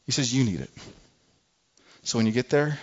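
A man preaching a sermon, telling a folksy, animated personal story with frequent restarts. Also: mid-range voice, moderate pace, breathy edge, muffled recording. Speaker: pastor.

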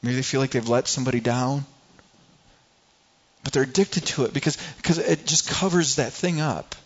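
A middle-aged man delivers a sermon in a conversational way, stumbling over and repeating words as he goes. His voice sits at a mid pitch for a man. The recording is a bit dull and lo-fi. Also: steady tone, normal speed, slightly rough. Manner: conversational preaching, acts out everyday people, frequent repeats. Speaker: pastor.

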